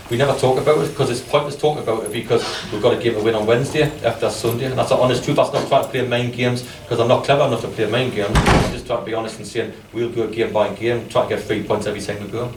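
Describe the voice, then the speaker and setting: Man, football manager, strong accent, rapid and self-mocking; distant, roomy press-conference sound. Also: mid-range voice. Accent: strong regional accent. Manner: chatty, self-deprecating, laughs at own stories. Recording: echoey room, distant mic, faint noise.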